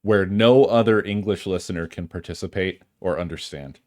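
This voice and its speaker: A man's voice: deep voice, moderate pace. A male streamer in casual chat with his viewers, musing in a dry, wry way and swearing freely.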